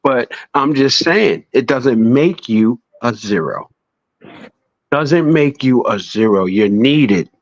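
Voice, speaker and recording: A man in a casual podcast chat, swearing freely and preaching with animated storytelling. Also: mid-range voice, takes it slowly, no echo, highs cut off.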